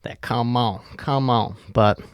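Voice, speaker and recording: A man's voice: mid-range voice, fairly even intonation, slow, clear, resonant tone, no echo, clean studio sound. Easygoing man hosting a podcast. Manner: easygoing, short reactions and slang. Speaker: podcast host. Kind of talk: casual chat.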